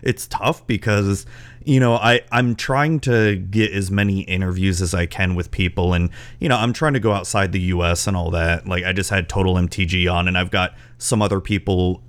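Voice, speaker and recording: A man's voice: low voice, fairly even intonation, moderate pace. A man hosting a podcast interview, chatting casually and rambling with many restarts. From Florida, US. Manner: rambling, lots of restarts and fillers. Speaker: podcast host.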